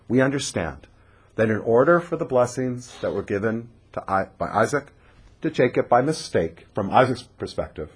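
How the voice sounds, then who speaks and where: A man giving an animated Torah lecture, dramatic and acting out the characters' voices. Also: mid-range voice, breathy edge. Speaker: Torah teacher.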